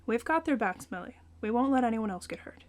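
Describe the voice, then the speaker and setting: A steady, protective young man in a storybook, as a woman narrator reads him, mostly soft and reassuring, with short bursts of anger. Her own fairly high voice carries him, barely changed. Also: a little fast, dry recording, natural voice. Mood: gentle.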